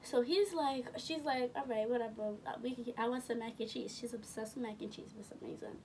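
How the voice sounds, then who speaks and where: A young woman spins a casual, slangy story, doubling back to correct herself as she goes. Her voice sits a little high, and it is picked up from a bit away from the mic, with a faint hum of room noise behind. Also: fairly quick, recorded from a distance. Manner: rambling, self-correcting, slangy. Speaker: vlogger.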